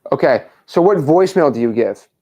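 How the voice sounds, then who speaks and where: A young man coaching a caller on a call, pushy and repeating lines slowly word by word. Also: mid-range voice, expressive, warm tone. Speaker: wholesaling coach.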